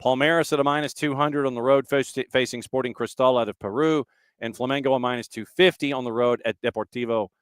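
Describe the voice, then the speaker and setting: A man hosting a casual soccer podcast, relaxed as he runs through betting odds like a list. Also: medium pitch, fast talker, smooth, no echo. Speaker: podcast host. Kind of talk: casual chat.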